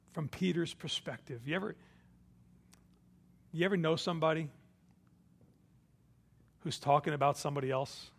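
A male preacher delivering a sermon. His voice sits high for a man and carries a gravelly rasp. He tells the story with dramatic swings between soft and loud passages.

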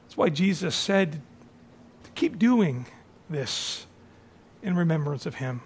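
High-voiced pastor, soft then booming. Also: male voice, big pitch swings, slow, husky. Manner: dramatic swings from soft near-whisper to raised, shouted phrases; repeats phrases for emphasis. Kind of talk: communion sermon.

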